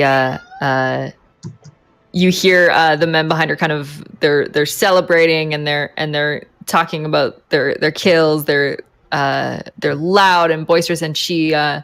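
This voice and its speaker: A woman narrating a tabletop role-playing game as game master, in halting, filler-heavy speech. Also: low-pitched, gravelly, fairly bright tone.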